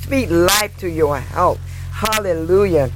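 A woman preaching a sermon slowly and deliberately, quoting scripture and repeating hallelujah. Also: on the low side, soft background music. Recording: noisy recording.

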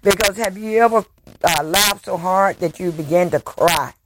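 A woman preaching a sermon slowly and deliberately, quoting scripture and repeating hallelujah. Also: fairly low pitch. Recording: noisy recording.

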